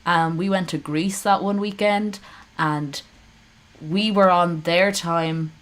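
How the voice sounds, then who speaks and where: A woman's voice: lowish voice, steady tone, slow. Profane, rambling woman streamer. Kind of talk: casual live-stream commentary.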